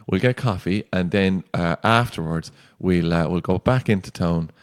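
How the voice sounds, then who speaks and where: A man's voice: low voice, normal speed, smooth. A young man co-hosting a podcast, chatting casually with dry, teasing humour and rambling restarts. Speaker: podcast co-host. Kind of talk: casual banter.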